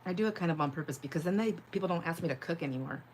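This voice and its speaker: A woman with a fairly low voice hosts a relaxed crafting livestream and talks through what she is making. She rambles with lots of "like", laughs easily and answers viewers' comments as they come in. A faint hum sits behind her. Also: racing. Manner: reads viewer comments aloud and answers them. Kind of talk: casual crafting livestream chat.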